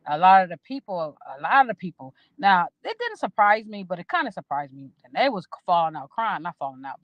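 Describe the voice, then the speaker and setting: A woman's voice: lowish voice, no room sound, highs cut off. A middle-aged woman chatting casually to her viewers on a phone livestream from a park, rambling through memories with an emotional, swearing style. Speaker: vlogger talking to viewers. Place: outdoors at a park.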